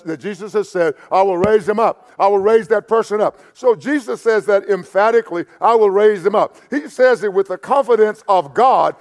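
Male pastor, slightly high voice, conversational sermon, stammering repeats, loud-to-quiet swings, long church reverb. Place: church sanctuary.

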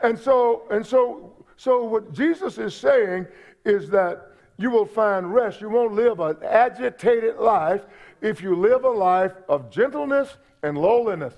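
A man preaches a sermon as pastor in a high, expressive voice, taking his time. He's folksy and humorous, repeats his points, and speaks to the congregation in asides, all on a dull lo-fi church recording.

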